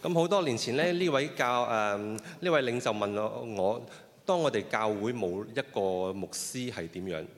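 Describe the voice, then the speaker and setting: A man interpreting a sermon phrase by phrase, often pausing with fillers and restarting his sentences. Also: lowish voice. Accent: Cantonese. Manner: hesitant, with frequent fillers and restarts. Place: church hall. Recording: long reverb of a hall.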